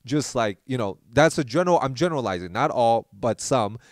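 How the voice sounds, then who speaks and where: A young man, a podcast host, tells a rambling, animated story in casual chat and acts out what people said. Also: mid-range voice, fairly quick, dry recording, clean studio sound.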